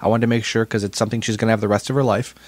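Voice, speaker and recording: Man, podcast co-host, casual rambling chat, quick pace, dry close sound. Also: fairly low pitch, flat delivery, no room sound. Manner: rambling, repeats words while telling a story.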